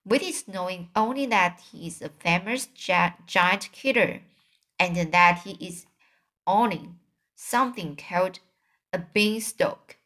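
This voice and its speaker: A woman voicing a big friendly old male giant in a storybook reading, speaking softly in a hushed tone with muddled grammar. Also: lowish voice, slow, full character voice. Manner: soft whispering, muddled grammar. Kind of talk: storybook read-aloud.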